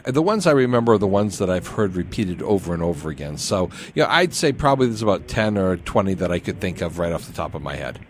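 Low-voiced male radio host. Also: big pitch swings, fast talker, hardly any pauses, slight background noise. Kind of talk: radio interview.

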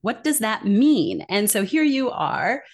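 A woman speaking as a guest expert in a podcast interview, explaining in an earnest, animated way. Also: a little high, measured pace. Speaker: guest expert on accent bias.

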